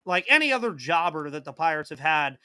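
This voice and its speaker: Bright-voiced man hosting a live podcast. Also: a little high, sing-song, brisk, slight background noise. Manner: casual, reads viewer comments and answers them. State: coughing. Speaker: podcast host. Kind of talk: live postgame podcast chat.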